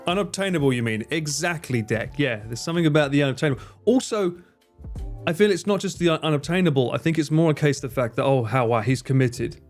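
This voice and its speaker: A man chatting casually on his livestream, rambling, joking and swearing freely with quick asides. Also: on the high side, soft background music. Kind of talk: casual chat reading stream chat.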